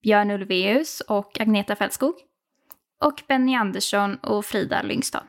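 A woman's voice: mid-range voice, normal speed. A woman whose first language is Swedish, tutoring a learner with patient, encouraging corrections in a casual lesson.

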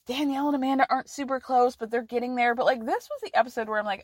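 A woman hosting a podcast, recapping reality TV in a chatty, giggly, animated way. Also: on the high side, rapid-fire, few pauses, dry recording. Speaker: podcast host.

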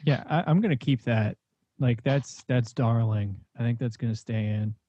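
A man hosting a casual chat, answering in a relaxed, easygoing way. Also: mid-range voice, normal speed, husky, highs cut off.

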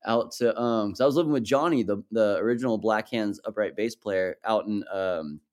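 A man telling stories in casual chat, animated and swearing, acting out other people's lines as he goes. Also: fairly low pitch, normal speed. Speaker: podcast guest, musician.

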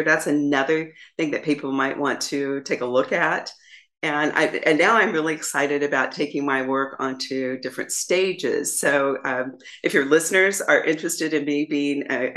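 Reflective woman guest, halting speech. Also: deep voice, fairly bright tone. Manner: reflective, halting, repeats phrases. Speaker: podcast guest. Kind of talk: casual interview talk.

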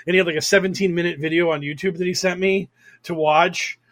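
A young man with a fairly high voice rants on a podcast. He is sarcastic and profane, tripping over his words and restarting, then building into angry outbursts. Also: steady tone, fast talker, fairly bright tone. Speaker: podcast host. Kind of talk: casual political podcast rant.

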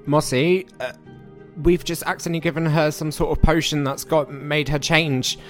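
Man, tabletop player, stammering, panicky, somewhat high voice, faint music behind. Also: steady tone, normal speed. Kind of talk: tabletop role-play chat.

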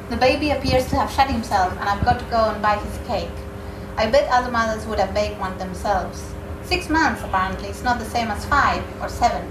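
A woman reading a novel excerpt aloud at a literary event, in a measured, expressive way. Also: fairly high pitch. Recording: echoey room, mic far off, background noise.

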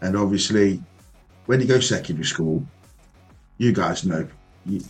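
A man co-hosting a casual podcast, telling an animated, heavily sweary story about his youth. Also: low-pitched, normal speed, soft background music. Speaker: podcast co-host.

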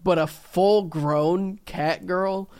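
A man's voice: sits high, steady tone, extremely slow, a little mellow, clear, resonant tone. A man co-hosting a podcast, chiming in with laid-back, agreeable casual chat. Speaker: podcast co-host.

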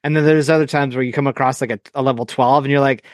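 A man with a mid-range voice tells animated stories as a podcast guest, slipping into quoted voices and cursing casually. The sound is close and dry, with no room around it. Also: mid-range voice, quick pace, hardly any pauses, no echo. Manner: animated storyteller, acts out quotes, profane.

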